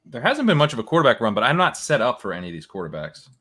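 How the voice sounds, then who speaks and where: Bright-toned man thinking aloud. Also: medium pitch, sing-song, rapid-fire. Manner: thinking aloud, laughs easily. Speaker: fantasy football podcast host drafting live. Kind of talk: casual live-stream chat.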